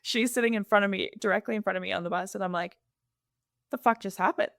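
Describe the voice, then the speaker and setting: A woman co-hosting a casual chat, telling a story in an animated, sassy way with frequent laughs. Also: mid-range voice, racing, creaky, no echo, clean studio sound. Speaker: co-host.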